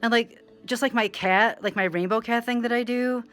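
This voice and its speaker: A woman vlogging in a rambling monologue, full of "like" and side tracks, swinging between loud animated bursts and quiet asides. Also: fairly high pitch, normal speed. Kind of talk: rambling direct-to-camera monologue.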